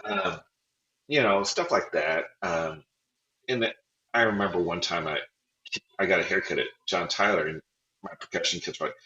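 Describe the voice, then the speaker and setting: A man's voice: sits low, lively intonation, moderate pace, sharp tone, echoey room, dull audio. A man, a former band director, telling self-deprecating stories in a casual interview and acting out quotes with a laugh.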